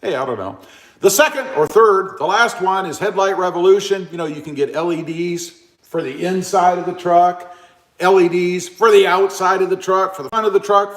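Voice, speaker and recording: A loud man hosts a casual livestream and reads out viewer comments. His voice sits high and swings around a lot, with plenty of lift and drop in the pitch. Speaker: livestream host.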